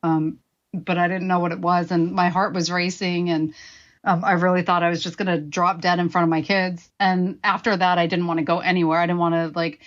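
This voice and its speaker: A woman's voice: lowish voice, flat delivery, fairly quick, lo-fi sound. A woman in her forties, a guest telling her own story frankly and with swearing, acting out her past remarks. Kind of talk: candid personal storytelling.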